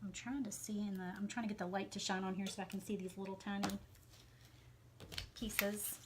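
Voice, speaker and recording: A woman's voice: mid-range voice, little pitch movement, brisk, noisy background. A woman with a Southern American accent chatting casually with viewers as she works on a craft live stream, with plenty of fillers along the way. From Southern United States. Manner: chatty, talks to viewers while working, many fillers. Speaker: craft vlogger.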